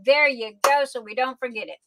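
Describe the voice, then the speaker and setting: A woman's voice: high voice, brisk, noisy background. A woman from New Orleans with a Southern Louisiana accent, hosting a casual livestream chat in a chatty, folksy way. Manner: chatty, folksy, calls people honey and sweetie. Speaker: livestream host.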